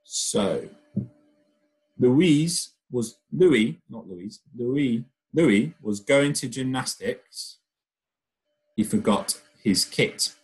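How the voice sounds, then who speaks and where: A man's voice: medium pitch, takes it slowly, rough recording. Man teaching a primary class. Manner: reads the story aloud with lively expression; patient, explains step by step. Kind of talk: recorded remote lesson.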